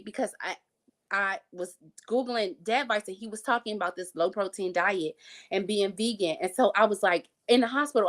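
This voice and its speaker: A woman's voice: medium pitch, fairly bright tone. Chatty woman telling her story. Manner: chatty, frequent fillers and restarts, occasional laughs. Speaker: guest sharing her health story. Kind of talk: casual interview storytelling.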